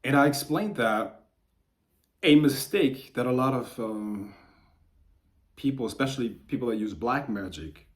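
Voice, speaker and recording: A man teaching the occult, talking unscripted to camera in a profane, heated rant that builds to forceful outbursts. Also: mid-range voice, lively intonation, a little slow, pauses often.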